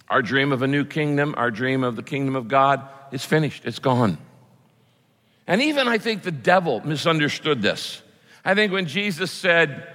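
A man's voice: a little high, sing-song, normal speed, a bit bright, in a large hall. A man preaching a sermon as pastor, emphatic and repeating key phrases for weight.

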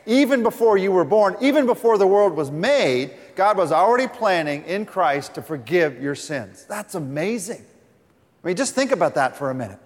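A pastor preaching a sermon, earnest, reading scripture aloud with the congregation. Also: male voice, high voice, very animated, normal speed. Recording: long reverb of a large hall.

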